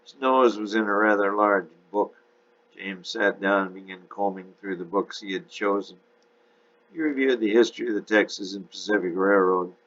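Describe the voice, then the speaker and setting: A man's voice: fairly low pitch, normal speed, fairly bright tone. A man steadily narrating an audiobook chapter in a dull lo-fi recording.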